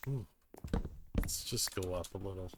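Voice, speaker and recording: A man's voice: low voice, unhurried, heavy background noise. A man giving rambling, jokey gameplay commentary, muttering self-deprecating asides to himself as he plays. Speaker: gaming YouTuber. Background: music.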